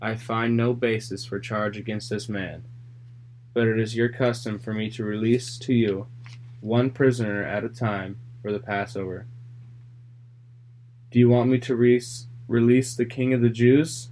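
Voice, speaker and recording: A man reads the part of a skeptical governor who keeps asking questions. The voice sits a little low, and the reading is plain. A faint hum runs in the background. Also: steady tone, a little slow, a little mellow, close to an everyday voice, rough recording. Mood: questioning.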